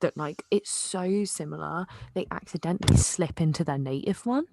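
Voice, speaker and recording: A woman's voice: low voice, normal speed, creaky, mellow, slight background noise. A woman co-hosting a podcast, chatting casually and playfully with slangy enthusiasm. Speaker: podcast co-host. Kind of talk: casual tipsy chat.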